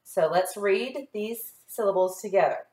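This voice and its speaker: A woman teaches a recorded phonics lesson to young children, speaking at a middle pitch. She draws each model word out slowly and clearly and keeps her tone patient and encouraging. The room around her gives back a noticeable echo. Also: a little mellow. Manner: slow, clear enunciation with drawn-out model words. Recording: echoey room.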